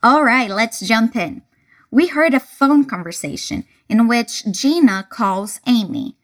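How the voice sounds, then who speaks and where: Woman, English teacher, repeat-after-me lesson, unhurried, animated delivery. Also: on the high side, a little hiss or hum. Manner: clear, deliberate, breaks phrases into single words.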